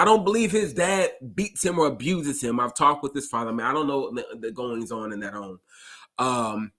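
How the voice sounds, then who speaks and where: A man who drives a school bus, casually telling a story to his listeners and acting out the dialogue with lively jumps in his voice. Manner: animated, acts out dialogue with big pitch jumps; conversational, addresses listeners directly.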